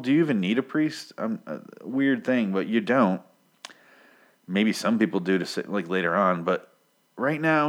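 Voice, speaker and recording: A man casually recapping a comic story in a profane, sarcastic way. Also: on the low side. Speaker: podcast host recapping a comic. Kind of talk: casual chat.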